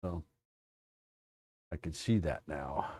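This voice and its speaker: A man's voice: rumbling low, slow pace, warm tone, slightly rough, dry recording. A man hosting a casual trading stream, joking and teasing his viewers. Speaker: trading coach host. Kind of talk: casual live-stream chat.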